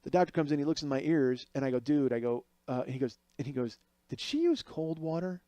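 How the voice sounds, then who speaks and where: A man's voice: medium pitch, fairly even intonation, quick pace, warm tone, dry recording, muffled recording. A middle-aged man telling a comic story as a podcast host, acting out other people's voices as he goes.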